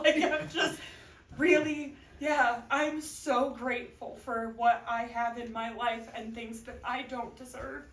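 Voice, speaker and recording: A middle-aged woman with a high voice gives a heartfelt testimony. She is earnest and sometimes teary, with nervous laughs between phrases. She is recorded from a distance in an echoey church. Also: steady tone, takes it slowly, fairly bright tone. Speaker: church member giving a testimony. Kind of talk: emotional personal testimony.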